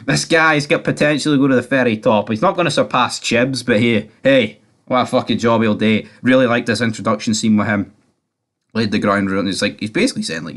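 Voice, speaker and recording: A man's voice: medium pitch, fairly quick, a bit bright. A man giving a casual, rambling recap of a TV episode, full of fillers and swearing. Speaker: TV series reviewer.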